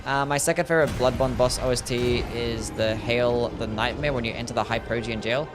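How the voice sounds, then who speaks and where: A man's voice: mid-range voice, fairly even intonation, a little fast. A man with an Australian accent, chatting casually to his viewers while streaming a game, joking and swearing freely. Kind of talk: casual gaming livestream chat.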